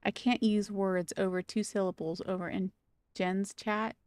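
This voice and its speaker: A woman's voice: mid-range voice, fairly even intonation, unhurried, darkish tone. A woman streaming a video game, chatting casually and playfully with her viewers and laughing often. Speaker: gaming streamer.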